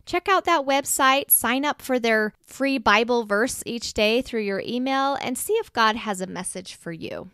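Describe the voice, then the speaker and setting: A woman's voice: on the high side, animated, a little slow, hardly any pauses, a bit bright, clear, resonant tone, dry recording, studio quality. A woman hosting a faith podcast, talking in a gushing, tender way that edges into emotion. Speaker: podcast host. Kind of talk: faith podcast outro and interview.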